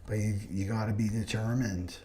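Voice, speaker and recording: A man's voice: on the low side, steady tone, moderate pace, warm tone, a little hiss or hum. Man, astrology teacher, live class, earnest, spiritual tone, checks in with listeners. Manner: earnest, keeps asking "right?". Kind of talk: live online class talk.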